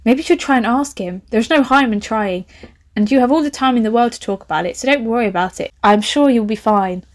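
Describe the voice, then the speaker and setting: Kind young girlfriend-type friend read by a woman, slow and gentle, fairly high voice. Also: natural voice. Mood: soothing.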